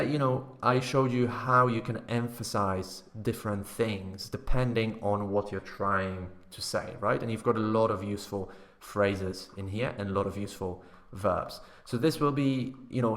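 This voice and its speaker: A man teaching academic writing in a recorded online course lecture, explaining step by step and often checking in with tag questions and fillers. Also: fairly low pitch.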